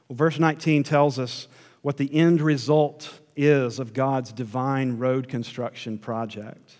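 A male pastor delivers a sermon at an unhurried pace, his voice pitched in an ordinary middle range. He presses on key words, then sinks to a near-whisper. The sound carries a long reverb, as in a large sanctuary. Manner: slow, emphatic preaching, dropping to a hush at key words.

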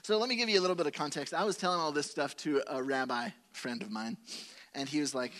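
A male pastor preaching a sermon, telling a personal story with animated quoted asides and humor. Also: on the high side, fairly quick.

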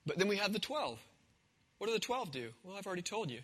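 A man's voice: high-pitched, sing-song, quick pace, rough recording. A man preaching a sermon in a conversational, storytelling way, acting out the scenes. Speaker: pastor.

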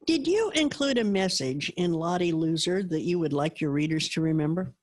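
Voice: medium pitch, animated, moderate pace. An interview host asking an author polite, encouraging questions.

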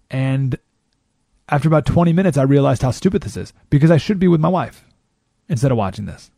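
A man hosting a talk show, delivering an animated monologue and mockingly mimicking other people. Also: mid-range voice, brisk, vocal fry, dry recording, clean studio sound. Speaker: radio talk show host. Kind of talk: monologue commentary.

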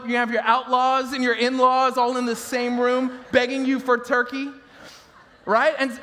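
High-voiced laughing pastor in a hall. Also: male voice. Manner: animated storytelling, laughing with the crowd. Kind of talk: sermon.

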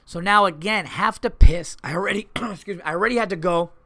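A man, a comedian hosting his podcast, telling stories in an animated, profane, exasperated rant. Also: high voice, fairly quick. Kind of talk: casual storytelling rant.

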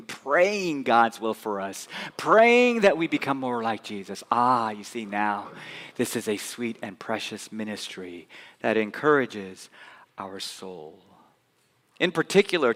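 Animated preacher in a reverberant hall. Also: male voice, medium pitch. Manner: animated, swings from loud emphatic to soft hushed. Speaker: pastor. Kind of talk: sermon. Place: church sanctuary.

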